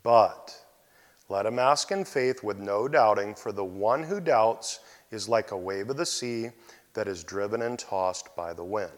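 A male pastor preaching a sermon, expressive, often dropping to quiet asides. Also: on the low side, unhurried. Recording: long hall reverb.

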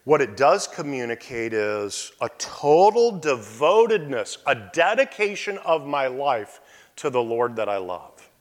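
A male pastor preaching a sermon, expressive, often dropping to quiet asides. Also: medium pitch, a little slow. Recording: long hall reverb.

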